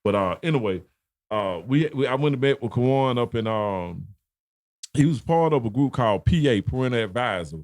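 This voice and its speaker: A man's voice: medium pitch, lively intonation, normal speed, a little mellow, no echo, studio quality. A man telling a long, rambling story as a podcast guest, full of slang and fillers. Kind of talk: casual storytelling.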